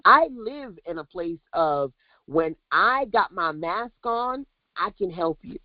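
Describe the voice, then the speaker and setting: A woman business coach on a livestream, talking in an animated, preachy way straight to her viewers. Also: on the low side, slow, no room sound, dull audio.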